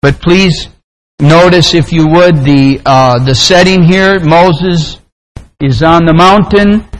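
A man pastor preaching a sermon, praying and telling a story in an earnest, deliberate way. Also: on the high side, rough recording. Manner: slow, deliberate, earnest delivery.

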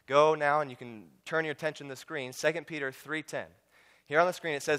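A man's voice: a little high, fairly even intonation, brisk, a bit bright, smooth. A man preaching a sermon through a Bible study guide, emphatic, repeating words and calling out to his congregation. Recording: long reverb of a large hall.

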